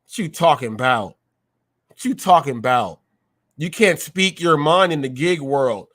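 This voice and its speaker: A man's voice: fairly high pitch, animated, unhurried, fairly bright tone. A man hosting his own live show, ranting combatively at viewers and repeating phrases for emphasis. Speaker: live-stream show host. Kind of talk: heated live-stream rant.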